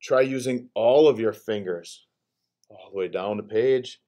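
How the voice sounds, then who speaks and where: A man voicing a bossy, playful male character from a picture book, reading it aloud in an excitable, animated way. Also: mid-range voice, a little slow, close to an everyday voice.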